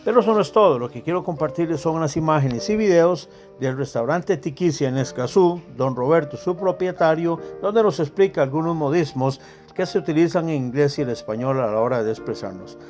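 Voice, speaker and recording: A man's voice: on the high side, fast, a little mellow. A man from Costa Rica with a Costa Rican accent, a tour guide greeting his group in an upbeat, friendly vlog intro. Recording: faint background music. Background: music.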